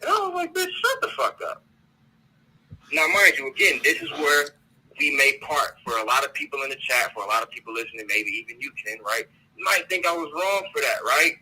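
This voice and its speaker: A man's voice: mid-range voice, expressive, brisk, sharp tone, breathy edge, rough recording. A man calling in to a talk show, ranting bluntly and with profanity, often repeating words as he searches for them. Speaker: caller. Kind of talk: heated call-in rant.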